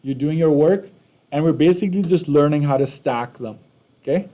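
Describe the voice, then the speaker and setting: Canadian guy teaching math, warm low-key voice, keeps asking "right?". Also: moderate pace. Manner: casual, checks in with "right?" and "okay?". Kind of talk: recorded math lesson.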